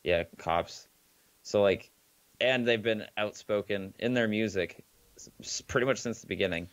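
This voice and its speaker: A man co-hosting a podcast with dry, deadpan, sarcastic remarks in a casual chat. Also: fairly low pitch, moderate pace, no echo, muffled recording. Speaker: podcast co-host.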